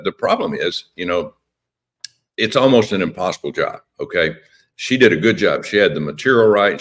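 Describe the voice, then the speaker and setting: Impassioned low-voiced male politician. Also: fairly bright tone. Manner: impassioned, emphatic, repeats himself. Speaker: politician guest. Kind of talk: radio interview.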